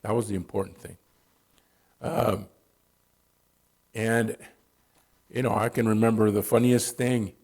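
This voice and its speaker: A man's voice: fairly low pitch, steady tone, a little slow, vocal fry, long pauses, a little mellow. A man from Southern California telling personal stories at a church in a casual, conversational way. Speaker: church speaker.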